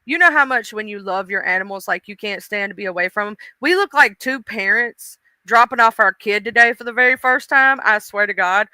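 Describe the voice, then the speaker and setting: A woman chats on her livestream, emotional and talkative as she greets viewers one by one. Her voice is very bright and smooth. It is recorded close and dry, with no room sound. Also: mid-range voice, no echo. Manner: chatty, emotional, greets chat by name. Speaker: livestream host. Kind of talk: casual livestream chat.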